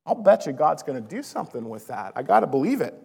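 Gravelly preacher in a reverberant hall. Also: male voice, a little high, quick pace. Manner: storytelling, animated, addresses listeners as guys. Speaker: pastor. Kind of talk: sermon.

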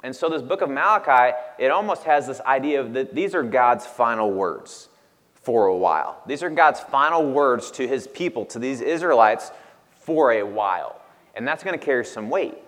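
A man's voice: medium pitch, animated, moderate pace, few pauses, fairly bright tone. A man in his thirties preaching a sermon in a casual, conversational way with frequent laughs. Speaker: pastor. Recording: long reverb of a hall.

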